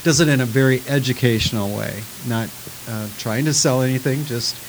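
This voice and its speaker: A man host with a gravelly, creaky voice at a middle pitch. He chats with his guest in a folksy, rambling way. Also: brisk, a little hiss or hum, rough recording. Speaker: show host. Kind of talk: casual on-air chat.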